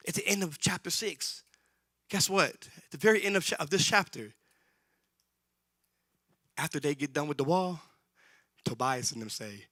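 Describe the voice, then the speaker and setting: A man preaching a sermon in a church, talking in a loose, colloquial way and swinging between shouts and whispers. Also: fairly high pitch, normal speed, pauses often, no room sound, clean studio sound. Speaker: pastor. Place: church sanctuary.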